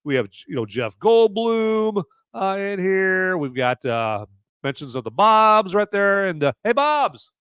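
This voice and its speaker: A man hosting a live podcast, chatting in a rambling, jokey way with sudden loud, shouty bursts. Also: high-pitched, very animated, a little slow, clean tone, no room sound, clean studio sound. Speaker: podcast host. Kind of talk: live-stream movie review chat.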